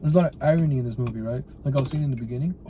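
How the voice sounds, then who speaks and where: Rambling, profane man with a mellow voice. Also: mid-range voice, very fast, slight background noise. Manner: rambling and profane, heavy use of "like" and "right?". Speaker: podcast host reviewing a film. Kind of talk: casual spoken review.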